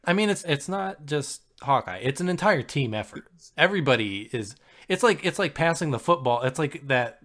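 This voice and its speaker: A man's voice: fairly high pitch, lively intonation, moderate pace, fairly bright tone. Man recapping a plot in podcast banter. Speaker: podcast co-host. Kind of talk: casual comedic chat. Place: home recording late at night.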